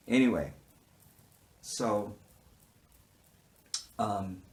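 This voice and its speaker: A man casually reviewing a TV episode, sassy and blunt, swearing freely and swinging from murmured asides to loud outbursts as he acts out the characters' lines. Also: deep voice, slow pace, pauses often. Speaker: TV show reviewer. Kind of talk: casual, animated recap with quoted dialogue.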